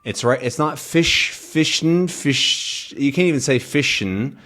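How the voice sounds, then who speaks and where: A young man teaching English, explaining sounds casually, thinking aloud with many fillers and "right?" checks, and slowly drawing out example words. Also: mid-range voice, expressive, a bit bright. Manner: drawn-out demonstration of sounds.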